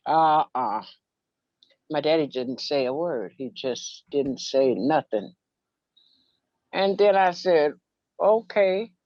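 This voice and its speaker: A woman's voice: sits low, slow pace, long pauses, a little mellow, no echo. A woman, telling a personal story and acting out childhood dialogue. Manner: acts out childhood dialogue, sings a playground rhyme. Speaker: minister and storyteller guest. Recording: dull, dry, muffled sound.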